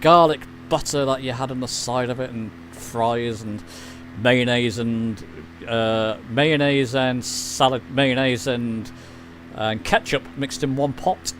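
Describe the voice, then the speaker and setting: A man's voice: mid-range voice, steady tone, slow pace, a bit bright, faint music behind. A man chatting casually while streaming a flight simulator, rambling and reading chat aloud. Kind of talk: casual live-stream commentary.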